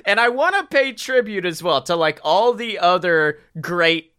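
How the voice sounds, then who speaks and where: Animated, bright-voiced man telling a wild pitch. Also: moderate pace, smooth. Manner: animated, laughing storyteller, swearing freely. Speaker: podcast co-host. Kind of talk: casual comedic podcast chat.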